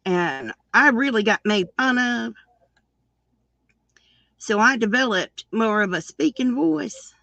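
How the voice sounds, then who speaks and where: Slow-talking woman with Southern country accent. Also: on the high side, gravelly, a bit bright, dry recording, highs cut off. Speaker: crochet live stream co-host. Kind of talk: casual live stream chat.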